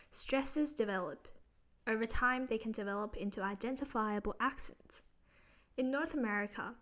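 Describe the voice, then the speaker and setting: A woman from Singapore with an Australian accent gives a scripted educational narration. She explains in a clear, measured way. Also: fairly high pitch, a bit bright. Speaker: teacher. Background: faint background music.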